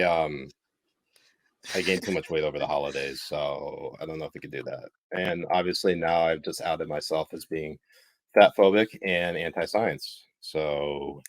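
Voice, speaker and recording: Wry lower-voiced man reading chat. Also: a little mellow. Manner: reads viewer chat aloud, wry and joking. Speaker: stream co-host. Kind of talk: casual live-stream commentary.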